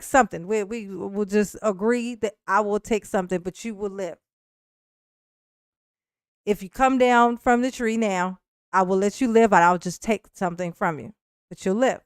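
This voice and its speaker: A sinister cloaked man with a vampire air, as a woman puts him on while retelling a dream. He talks quietly and slowly in an unnervingly calm, low-key way. The sound is smooth and close, with no room echo. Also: lightly acted. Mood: calm menace. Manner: slow, soft, eerily calm delivery.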